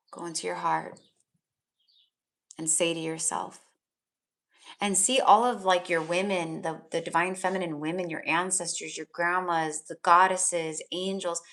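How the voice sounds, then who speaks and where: A woman's voice: on the low side, fairly even intonation, a little slow, vocal fry, pauses often, a bit bright. A woman giving live psychic tarot readings, talking in a soothing, affectionate way with lots of fillers. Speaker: tarot reader.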